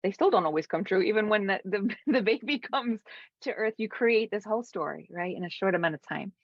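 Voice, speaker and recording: A woman guest, a spiritual coach, telling a heartfelt personal story in an interview, dropping to soft whispers at times. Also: mid-range voice, animated, brisk, no echo, highs cut off. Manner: earnest, drops to soft whispers for quoted moments.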